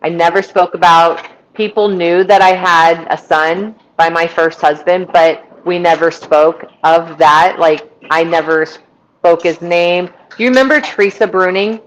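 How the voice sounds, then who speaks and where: A woman's voice: on the low side, measured pace, slight background noise, poor audio. A middle-aged woman from Missouri, a podcast guest telling her testimony and acting out the people she quotes. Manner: lively retelling with quoted voices. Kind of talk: storytelling testimony.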